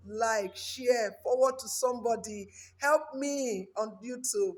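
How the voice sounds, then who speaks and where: A woman's voice: a little high, slow pace. A middle-aged woman telling a personal religious testimony, repeating phrases and ending in preachy appeals to her listeners. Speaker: vlogger giving a religious testimony.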